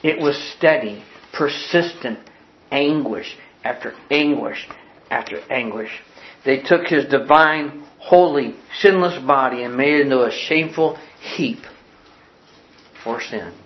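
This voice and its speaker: A man preaching a sermon with passion, dropping to a hush and then soaring and crying out. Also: mid-range voice, a little slow, lo-fi sound, slight background noise. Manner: impassioned, swinging from hushed to soaring.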